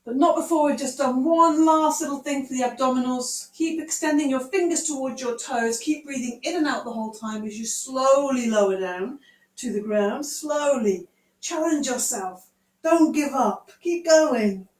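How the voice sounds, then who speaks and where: A woman guiding a yoga class with gentle, encouraging, unhurried instructions. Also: high-pitched. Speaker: yoga teacher. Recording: echoey room, voice from far off.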